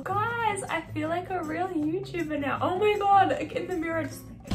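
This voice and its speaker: A woman's voice: extremely high pitch, moderate pace, hardly any pauses, over loud music. A young woman vlogging an unboxing, giddy, gushing and laughing often. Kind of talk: excited unboxing vlog.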